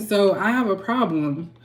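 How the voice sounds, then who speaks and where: A woman tarot reader and channel host, ranting frankly and heatedly to her viewers and clearing her throat often. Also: mid-range voice, animated, slow pace, a little mellow. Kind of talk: candid ranting vlog.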